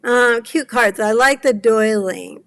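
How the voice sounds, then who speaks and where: Brief: woman in her 70s, craft stream host, a bit high and gravelly, apologetic chat, teary edge. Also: slow pace, a bit bright. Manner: apologetic, rambling, greets chatters by name. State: near tears. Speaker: cardmaking livestream host. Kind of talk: casual chat with live viewers.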